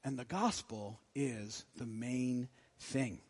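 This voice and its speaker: A man's voice: medium pitch, slow pace, a little mellow, slightly rough, long reverb tail. A man preaching a sermon as pastor, conversational and jokey, with frequent restarts. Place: church sanctuary.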